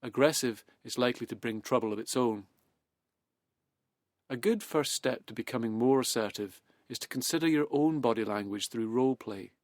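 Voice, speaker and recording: A man in calm, measured self-help talk that leads into hypnosis, slowing and softening as he goes. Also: medium pitch, no room sound, studio quality.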